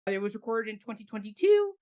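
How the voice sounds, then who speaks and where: A woman's voice: on the high side, big pitch swings, fast, dark tone. A woman hosting a casual arts talk show, introducing guests with enthusiasm. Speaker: host. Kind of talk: casual chat.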